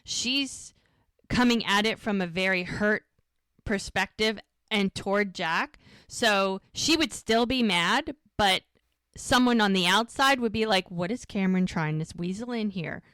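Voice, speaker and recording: A woman co-hosting a podcast, retelling a TV episode in a chatty, animated way. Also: mid-range voice, unhurried, smooth, no echo. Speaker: podcast co-host. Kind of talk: casual episode recap.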